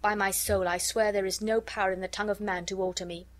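A woman's voice: medium pitch, flat delivery, quick pace, natural voice. A woman reading the lines of a vengeful, unyielding male moneylender in a storybook, with little change from her own voice. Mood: insistent.

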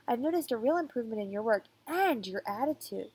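A woman doing a kind, gentle schoolteacher. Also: a little high, expressive, fast talker, breathy edge. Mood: gentle, concerned. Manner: gentle, praising.

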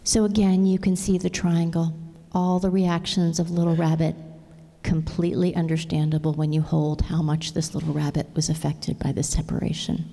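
A middle-aged woman gives an earnest plenary talk, checking in with her audience as she goes. Her voice is low, dark and gravelly. It rings with the long reverb of a large conference hall. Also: flat delivery, normal speed. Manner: earnest, engaging, asks the audience "right?". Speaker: conference speaker.

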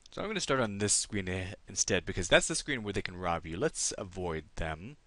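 Lively man narrating a game playthrough. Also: sits low, fairly quick, hardly any pauses, no echo. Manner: chatty, reads game text aloud. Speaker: let's play host. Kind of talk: let's play commentary.

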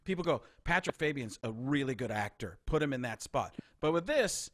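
A man hosting a podcast interview, asking questions like an excited fan and laughing often. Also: medium pitch, normal speed. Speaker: podcast host. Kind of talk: casual interview chat.

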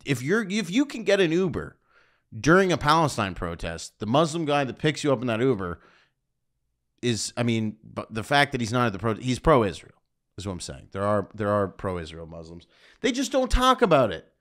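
A man's voice: medium pitch, big pitch swings, normal speed, fairly bright tone. A man from Canada, a stand-up comedian ranting sardonically on his own show with rambling, provocative asides. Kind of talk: comedic rant.

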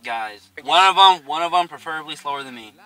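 Young guy telling a creepy road story, really bright voice, sounds far from the mic, swears a lot and laughs. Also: on the high side, fairly quick, no echo. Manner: animated, profane, laughs often. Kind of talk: casual storytelling chat. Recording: distant mic.

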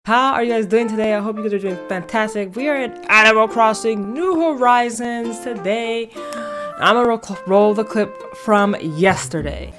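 A woman giving casual gameplay commentary as a vlogger, excitable, rushed and playfully dramatic. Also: a little high, music in the background. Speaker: gaming vlogger.

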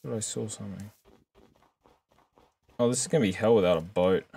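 A man's voice: on the low side, fairly quick, gravelly, dark tone, breathy edge. A man chatting casually on a live game stream, rambling and self-mocking, with frequent swearing. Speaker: gaming streamer. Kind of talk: casual live-stream chat while gaming.

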